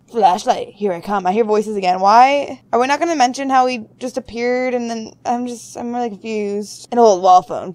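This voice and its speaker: Here a slightly mellow female voice, captured with no room sound, comments offhandedly while playing a horror game. She's a gaming YouTuber doing let's play commentary, reading text out loud, cracking jokes to herself, and letting out high-pitched squeals of surprise.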